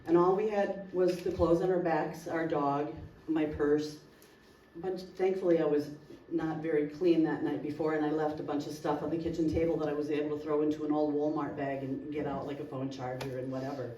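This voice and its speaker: Woman telling an emotional story, mellow tone. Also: sits low, little pitch movement, fairly quick. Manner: emotional, vivid storyteller quoting dialogue. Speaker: resident speaking at a community meeting. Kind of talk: personal storytelling to a meeting. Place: community meeting room. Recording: roomy hall, distant mic, faint noise.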